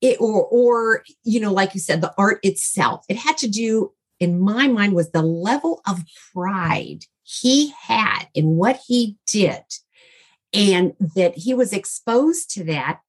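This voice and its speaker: As a guest in an interview, a middle-aged woman takes her time recounting a personal story in an animated, mid-range voice. Her telling is heartfelt and rambling, with many fillers and restarts.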